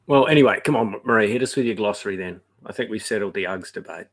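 Man, Australian accent, low pitch, joking, teasing, casual chat. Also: fast talker.

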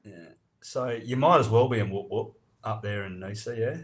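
A man's voice: lowish voice, normal speed. A man with an Australian accent co-hosting a casual comedy chat, teasing drily and full of Aussie slang. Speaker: podcast co-host.

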